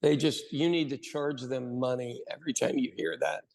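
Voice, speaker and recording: Gravelly-voiced American man. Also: medium pitch, normal speed. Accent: General American. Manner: animated storytelling with acted-out quotes. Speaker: podcast co-host. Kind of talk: casual chat.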